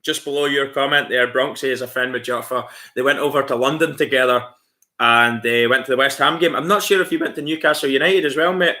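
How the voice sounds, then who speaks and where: A man's voice: medium pitch, steady tone, brisk, bright, forceful tone. A man with a Scottish accent hosting a livestream, chatting casually and answering viewer comments in a friendly way. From Scotland. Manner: friendly and chatty, calls viewers mate, laughs often. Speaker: livestream host.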